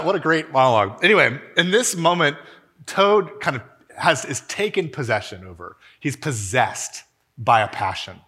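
A man preaching a sermon in a church, telling a story in an animated, conversational way. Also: a little high. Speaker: pastor. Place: church hall.

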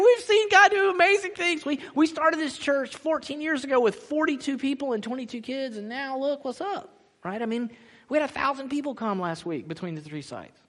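A man preaching a sermon as pastor, animated, acting out the people he quotes and laughing often. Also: extremely high pitch, long reverb tail. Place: church sanctuary.

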